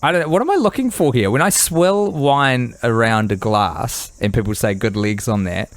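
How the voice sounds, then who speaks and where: A man's voice: mid-range voice, lively intonation, moderate pace, no room sound. A man co-hosting a comedy podcast, talking in a wry, playful way as he plays along as a mock interviewer. His voice sits in the middle of the range. The sound is close and dry. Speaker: podcast co-host.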